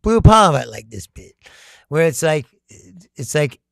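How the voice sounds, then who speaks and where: A man from Kentucky with a gravelly, bright voice, chatting casually and swinging between loud bursts and lower asides. He laughs often and jumps to shouts mid-story. The sound is dry and close. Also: sing-song, moderate pace, dry recording. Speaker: comedian streamer. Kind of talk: casual chat with live chat.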